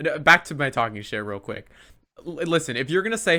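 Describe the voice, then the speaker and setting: Bright-voiced gossipy man. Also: medium pitch, a little fast. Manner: animated, gossipy, acts out quotes. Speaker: podcast co-host. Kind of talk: casual chat.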